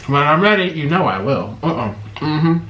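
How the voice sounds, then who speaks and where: A man talks through a meal on camera, chatty and meandering as he tells his story between mouthfuls. His pitch swoops up and down with lively expression. The room rings with a noticeable echo over a faint hiss. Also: normal speed, highs cut off. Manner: chatty, rambling, animated. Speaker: mukbang host. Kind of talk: casual storytelling while eating.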